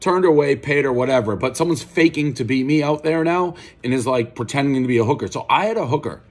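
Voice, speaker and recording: Guy doing a pizza review, swears a lot, rambles, kinda husky voice. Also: medium pitch, fast. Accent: Boston. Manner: rambling, profane, animated storytelling. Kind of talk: casual review monologue.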